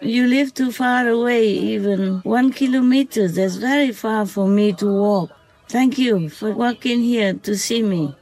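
A soft-spoken vlogger who talks gently and affectionately, as in a spoken diary at night. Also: medium pitch, measured pace, poor audio. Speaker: vlogger speaking to a visiting fox spirit. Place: outdoors at night by a forest.

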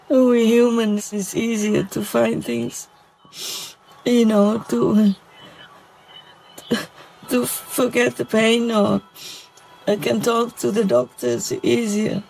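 Slow, gravelly-voiced woman, choked with emotion. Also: fairly high pitch, darkish tone, slight background noise, rough recording. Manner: emotional, halting, tearful laughs. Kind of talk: heartfelt spiritual talk.

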